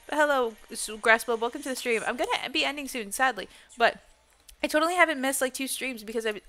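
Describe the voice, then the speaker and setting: A woman's voice: high voice, lively intonation, brisk, sharp tone. Foul-mouthed young woman streamer. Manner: swears constantly, laughs, playful. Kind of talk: casual gameplay chat.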